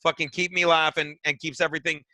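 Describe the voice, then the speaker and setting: A man's voice: fairly high pitch, level tone, fast talker, sharp tone, no room sound. A middle-aged man, a comedian guest, rambling through profane stories in casual podcast chat. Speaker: guest comedian and radio host.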